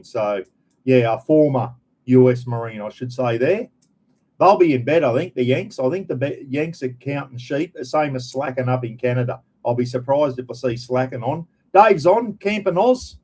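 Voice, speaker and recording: A man's voice: mid-range voice, animated, normal speed, mellow, slightly rough. A middle-aged Australian man hosting a casual live chat, rambling and friendly, calling everyone mate as he greets viewers. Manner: rambling, chatty, frequent "bloody" and "mate". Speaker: livestream host.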